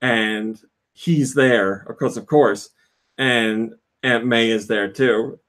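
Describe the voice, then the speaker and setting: A man's voice: medium pitch, slow pace. A man hosting a casual podcast, retelling video game scenes with laughter and acted-out lines. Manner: animated storyteller, acts out game scenes with laughs. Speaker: podcast host.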